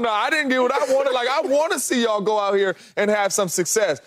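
A male sports talk co-host with a high voice who argues conversationally. He circles back to the same phrases to press his point. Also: a little fast, a bit bright. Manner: conversational, repetitive emphasis with "like, come on, man". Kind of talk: sports debate.

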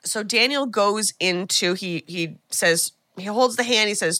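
A woman co-hosting a podcast, recapping a film in an animated, casual chat full of asides. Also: mid-range voice, measured pace, no echo. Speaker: podcast co-host.

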